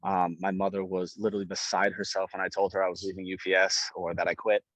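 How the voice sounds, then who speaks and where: Low-voiced man telling an excited story. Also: fast talker, no echo, poor audio. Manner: excited, swears, repeats phrases. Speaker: guest, pro hockey goaltender. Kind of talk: casual emotional storytelling.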